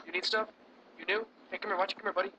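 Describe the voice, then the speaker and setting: A man's voice: high-pitched, fairly even intonation, very fast, noisy background. A man in a game voice chat, coaxing other players in a teasing way. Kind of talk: casual gaming voice chat.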